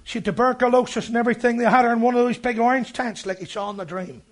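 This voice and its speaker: A man delivers a fervent sermon in a very high voice. He carries the story along, then breaks into loud shouts. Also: fairly even intonation, rapid-fire. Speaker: preacher.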